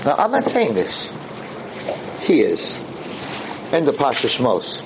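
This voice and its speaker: Animated rabbi with leaping pitch. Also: male voice, moderate pace, pauses often, noisy background. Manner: animated, acts out biblical figures with sudden pitch leaps. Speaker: rabbi lecturer. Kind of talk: lively Torah talk to a live audience.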